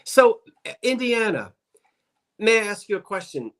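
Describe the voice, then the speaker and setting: A man's voice: high voice, very animated, moderate pace, fairly bright tone. Chatty South Jersey man on a livestream. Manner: chatty, curious, restarts often. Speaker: livestream co-host. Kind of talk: casual live-stream chat.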